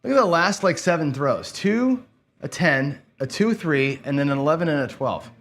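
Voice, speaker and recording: A man's voice: on the high side, animated, normal speed, fairly bright tone. A man hosting a gambling channel, giving casual play-by-play commentary in a rambling, profane way, as if talking to himself. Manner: rambling, profane, talks to himself while playing.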